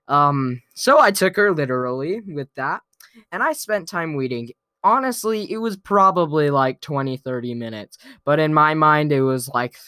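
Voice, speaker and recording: Male vlogger, slow drawn-out delivery, bright clear voice, playful storytelling, frequent chuckles. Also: fairly high pitch, no echo, clean studio sound. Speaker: vlogger telling a weekly story. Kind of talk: casual storytelling to camera.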